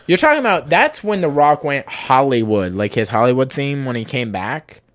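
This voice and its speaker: A man's voice: mid-range voice, very animated, moderate pace, fairly bright tone. A man hosting a podcast in casual chat, profane and opinionated. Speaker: podcast host.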